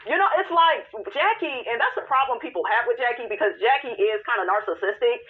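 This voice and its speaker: A woman's voice: fairly high pitch, expressive, a little fast. A woman giving a sassy, blunt recap of a reality show in casual commentary, swearing freely and talking straight to her viewers. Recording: tinny phone-line sound.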